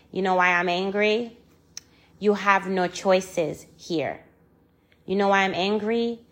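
A woman's voice: medium pitch, vocal fry. A woman in a personal vlog monologue, angry and frustrated, talking with passion, repeating phrases for emphasis and swearing freely. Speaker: vlogger.

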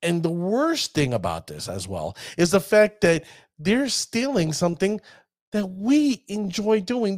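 Guy talking thru a card deck, bit high voice, real dry sound, chatty w the viewers. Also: big pitch swings, measured pace, no echo. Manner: chatty, addresses viewers as ladies and gentlemen. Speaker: card game deck analyst. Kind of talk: casual commentary.

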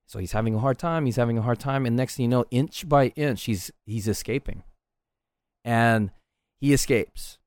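Speaking at normal speed, this middle-aged man has a mid-range voice with a darkish tone, captured in a dry, clean studio recording. He's a martial arts instructor chatting earnestly on his solo podcast, coaching along and often asking "right?"

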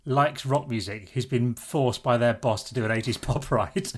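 A man in casual chat, patient and gently teasing. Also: medium pitch, normal speed.

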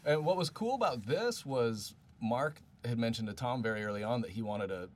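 A man's voice: medium pitch, animated, moderate pace, slight background noise. An American man, a director, chatting eagerly and at length in a commentary. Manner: eager, talkative. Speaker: episode director and co-writer. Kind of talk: casual commentary chat.

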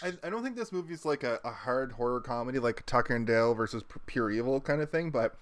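A man's voice: medium pitch, expressive, fast talker. A man co-hosting a podcast, recapping a movie in casual chat, rambling with lots of fillers and restarts. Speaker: podcast co-host.

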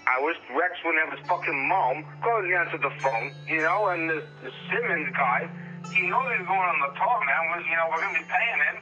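A man's voice: on the high side, brisk, faint music behind. A man voicing a hot-tempered, foul-mouthed male rock musician ranting on a phone call. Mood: grumbling. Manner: ranting, profane, snaps back to calm. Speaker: caller. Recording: muffled phone line.

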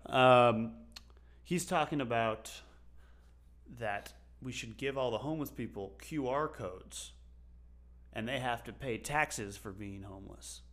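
A man's voice: mid-range voice, slow, a bit bright. A man in his twenties co-hosting a podcast, joking and rambling in casual chat. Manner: jokey, rambling, teasing. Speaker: podcast co-host.

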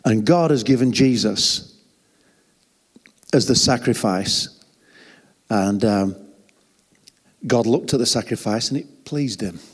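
A man's voice: medium pitch, slow pace, long pauses, breathy edge. A man preaching a sermon, telling stories with humor and chatty asides. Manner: humorous, chatty storytelling with laughs. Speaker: pastor. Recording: long hall reverb.

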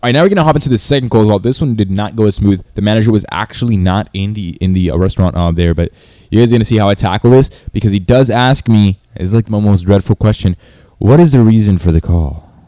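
A man talks through his cold-calling method in a loose, rambling way, circling back and restarting often. His voice sits low, with a warm, dark tone. The sound is completely dry. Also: fast, no echo. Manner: rambling, many restarts and fillers. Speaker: sales coach. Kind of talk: casual talking-head tutorial.

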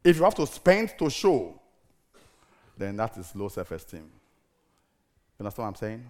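A middle-aged man preaching a sermon in an animated, theatrical way, firing rhetorical questions at the congregation. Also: lowish voice, unhurried.

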